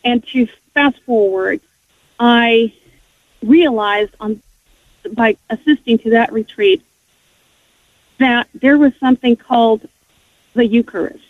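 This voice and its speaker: A woman's voice: fairly high pitch, slow pace, pauses often, no echo. A woman giving a heartfelt personal faith testimony as a guest, talking earnestly with frequent restarts. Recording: tinny phone-line audio, dry.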